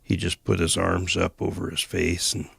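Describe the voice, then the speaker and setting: Deep, gravelly older man reminiscing. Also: level tone, a bit bright, no echo. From Western United States. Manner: unhurried, rambling, many "uh" pauses. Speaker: storyteller recalling mission days. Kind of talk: casual spoken reminiscence.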